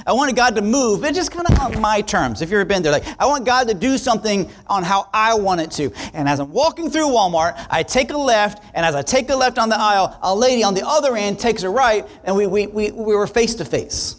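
A male pastor telling a story in a sermon, conversational and animated, acting out the dialogue. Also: high-pitched, brisk, few pauses.

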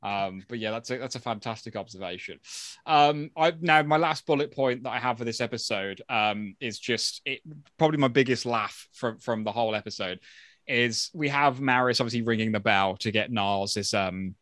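A man co-hosting a podcast, chatting casually in a relaxed way with many fillers. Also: mid-range voice, moderate pace, no echo, studio quality. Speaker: podcast co-host. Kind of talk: casual chat.

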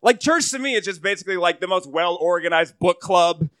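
Brief: male stand-up in his thirties, high voice, dry close sound, loose and rambling. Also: lively intonation, brisk, fairly bright tone, no room sound. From United States. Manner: rambling, filler-heavy, crude. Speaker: stand-up comedian. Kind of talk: stand-up set.

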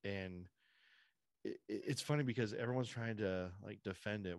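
A man's voice: on the low side, normal speed, no echo, clean studio sound. A man hosting a podcast in casual chat, opinionated and rambling, restarting his sentences often. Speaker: podcast host.

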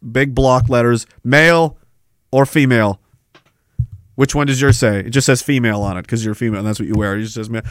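A man's voice: medium pitch, a bit bright, clear, resonant tone, no room sound. Young guy running a livestream, blunt and combative, swears a lot, dry close mic. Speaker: podcast host reading chat. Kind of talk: casual livestream chat.

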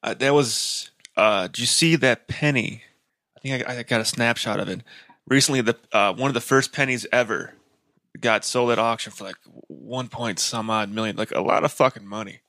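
A man co-hosting a casual podcast, chatting in a lively way and swearing casually. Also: medium pitch, moderate pace, no room sound. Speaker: podcast co-host. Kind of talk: casual chat.

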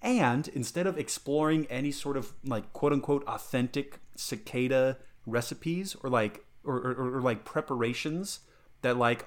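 A man's voice: medium pitch, normal speed. A man ranting in casual chat as a podcast co-host, stammering through restarts and mocking people in put-on voices.

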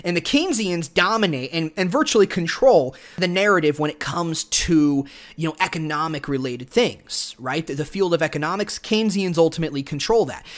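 A man's voice: on the high side, lively intonation, brisk. Guy doing a solo podcast rant, argumentative, talks right at you. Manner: opinionated, argumentative, talks straight to the listener. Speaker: podcast host.

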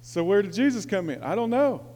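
Pastor in his 40s, high voice, sermon in a reverberant church hall; storytelling, shifts between hushed and fired-up. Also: fairly quick, a little hiss or hum. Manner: storytelling, swings from quiet confiding to loud excited preaching.

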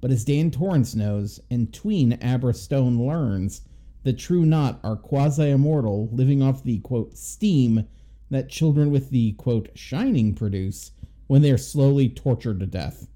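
A man's voice: medium pitch, measured pace. A man co-hosting a movie review podcast, agreeing readily and reading a plot synopsis steadily. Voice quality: very dark, mellow voice. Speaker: podcast co-host.

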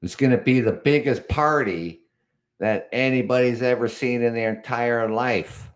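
This is casual live-show talk from a podcast host, a Canadian man in his fifties with a medium-pitched, slightly slow voice. Often exasperated and chuckling, he rambles and keeps restarting his thoughts.

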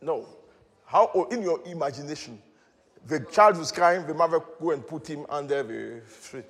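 A man preaching a sermon in a church hall, animated and often shouting as he acts out the story. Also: fairly high pitch, moderate pace. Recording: long hall reverb.

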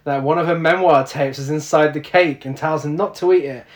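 A man's voice: on the high side, fairly even intonation, brisk. A man co-hosting a podcast, recapping a film with incredulous, exasperated humour. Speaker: podcast co-host. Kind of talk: casual film recap chat.

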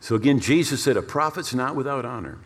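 A male pastor preaching a storytelling sermon in an animated way, repeating words for emphasis. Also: mid-range voice, fast talker. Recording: long reverb of a large hall.

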